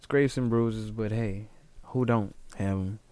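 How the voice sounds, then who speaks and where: A man's voice: on the low side, fairly even intonation, takes it slowly, a little mellow. A young man with a Southern US accent, co-hosting a podcast in casual chat and telling stories in a laid-back, slangy way. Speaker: podcast co-host.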